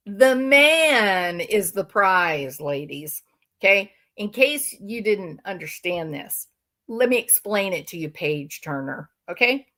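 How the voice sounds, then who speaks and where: A woman's voice: mid-range voice, fairly bright tone. A woman hosting a livestream, giving emphatic, sarcastic reaction commentary. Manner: emphatic and sarcastic, drawn-out phrasing. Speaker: livestream host.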